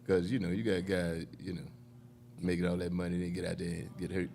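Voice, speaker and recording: A man's voice: deep voice, level tone, a little fast, creaky, warm tone, a little hiss or hum. An older man hosting a podcast panel, talking in a loose, joking way and swearing freely. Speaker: podcast host. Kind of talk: casual panel chat.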